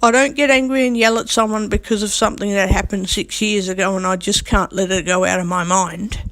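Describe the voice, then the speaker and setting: A woman talks straight to her viewers with blunt, defiant force, often in coarse words. She repeats her points over and over to press them home. Her voice sits at an ordinary pitch and sounds close and dry, with no room echo. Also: fairly even intonation, brisk, fairly bright tone. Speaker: vlogger. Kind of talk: unscripted talk to camera.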